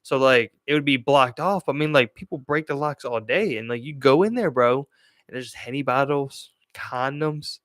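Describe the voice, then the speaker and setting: A man's voice: mid-range voice, normal speed, a bit bright, no echo, clean studio sound. A young man from Maryland telling loose, profane stories as a podcast host, laughing as he goes. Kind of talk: casual chat, storytelling.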